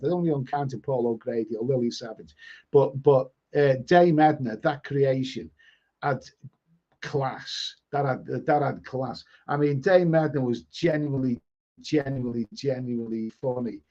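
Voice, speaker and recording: Here a middle-aged live streamer from Liverpool talks casually and goes through viewer comments, his words often stammered and repeated. The voice is medium-pitched and darkish at normal speed, and the stream audio sounds dull and lo-fi.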